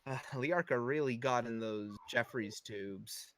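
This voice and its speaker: A man voicing an upbeat, chatty female starship engineer in a tabletop role-play, giving a rambling report full of pauses. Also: medium pitch, a bit bright, slight background noise.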